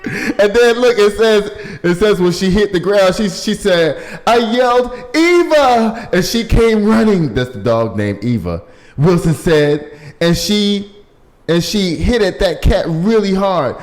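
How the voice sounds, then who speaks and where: A man's voice: high voice, unhurried. A man hosting a casual news show, reading stories and riffing on them with lots of laughter. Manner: animated, laughing, riffs on stories.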